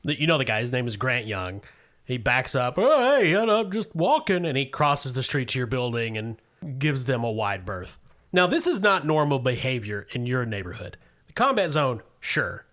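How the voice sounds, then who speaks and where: A man running a tabletop role-playing game as game master, explaining the setting in a relaxed way with fillers and restarts. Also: medium pitch, normal speed.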